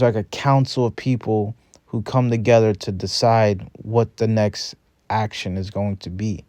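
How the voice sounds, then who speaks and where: A man's voice: on the low side, dark tone, no room sound. A man hosting a reaction video, giving casual, earnest commentary that builds into a rant.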